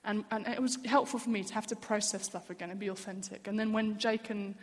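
Woman preacher, mid-pitched, candid storytelling, long church-hall reverb. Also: steady tone, quick pace. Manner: earnest, candid, personal storytelling. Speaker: church speaker. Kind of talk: sermon.

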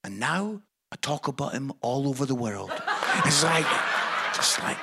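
A man, a Christian comedian, telling a story in an animated, exclamatory way. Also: mid-range voice, unhurried, heavy background noise. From Scotland.

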